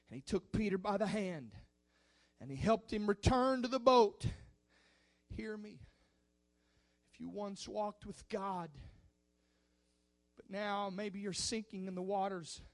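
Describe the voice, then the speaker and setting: A man preaching a sermon in a fervent, emphatic manner. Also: high-pitched.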